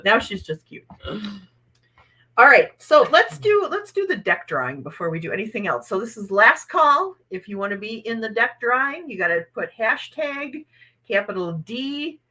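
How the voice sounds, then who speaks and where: A woman's voice: a little high, sing-song, moderate pace, bright, forceful tone, rough recording. A woman, hosting a casual livestream from home and laughing often. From Wisconsin. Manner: chatty, laughs often, upbeat. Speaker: livestream host, oracle card reader.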